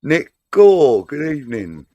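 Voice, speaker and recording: A man's voice: on the high side, sing-song, takes it slowly, dark tone, muffled recording. A man co-hosting a casual football fan chat, reading viewer comments aloud and bantering with a bit of swearing.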